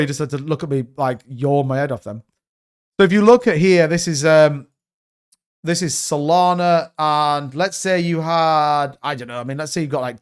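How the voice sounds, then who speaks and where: A man's voice: on the high side, clean tone. A man hosting a casual crypto livestream, rambling through his holdings, correcting himself and answering questions from the chat.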